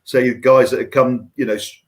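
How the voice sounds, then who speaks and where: A man's voice: medium pitch, steady tone, normal speed. A male podcast host with an ordinary mid-range voice asks rambling questions. He hesitates and restarts, with plenty of fillers. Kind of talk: casual interview questions.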